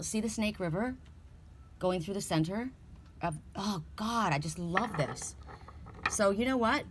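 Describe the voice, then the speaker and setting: A woman's voice: medium pitch, a little hiss or hum. Chatty, blunt woman reading oracle cards. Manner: chatty and blunt, swears casually, laughs often. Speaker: tarot and oracle card reader. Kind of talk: casual card reading.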